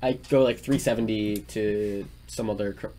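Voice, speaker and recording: A man's voice: on the low side, fairly even intonation, normal speed. A young man from Florida co-hosting a podcast, chatting casually and rambling with many fillers and restarts. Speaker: podcast co-host. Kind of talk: casual chat. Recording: noisy room recording.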